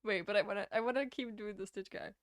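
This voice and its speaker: A woman's voice: mid-range voice, fairly even intonation, quick pace, no echo. A woman in her twenties chatting casually on a livestream, rambling and self-deprecating, with frequent laughs. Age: 20s. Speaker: streamer.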